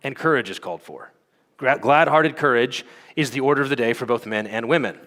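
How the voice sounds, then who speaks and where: At a conference hall, a man with a medium-pitched, fairly bright voice gives a teaching talk a little fast and in a conversational way. He uses frequent fillers and checks in with the audience by asking "okay?" The recording carries a long hall reverb.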